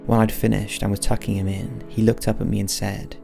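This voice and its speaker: A man giving solemn scripted narration of wartime letters, slow and grave in manner, with soft music underneath. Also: lowish voice, level tone, vocal fry. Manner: slow, grave, measured delivery.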